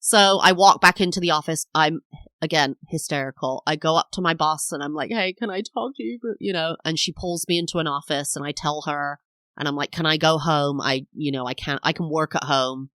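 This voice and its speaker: A woman's voice: low voice, fairly even intonation, brisk, a bit bright, dry recording. A woman in her thirties, a podcast host telling a personal story in a chatty, rambling way, full of fillers and acted-out quotes. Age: 30s.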